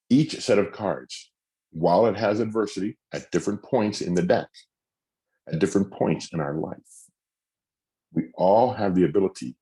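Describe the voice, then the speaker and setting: A middle-aged man with a very deep, low voice teaches a mental fitness masterclass. He speaks earnestly and acts out example phrases, shifting his tone of voice to show how the same words can sound different. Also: warm tone. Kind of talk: recorded masterclass talk.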